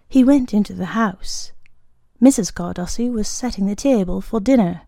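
A woman reading a story aloud as narrator, in a calm, measured way. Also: mid-range voice, gravelly, no room sound, studio quality.

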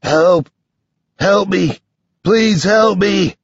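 A captive teenage boy, chained and possessed, his voice turning cold and commanding, as a male narrator puts him on. The sound is husky, dull and dry, with no room around it. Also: mid-range voice, fairly even intonation, unhurried, darkish tone, dry recording. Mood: desperate. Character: captive teenage boy, voice taken over by something evil.

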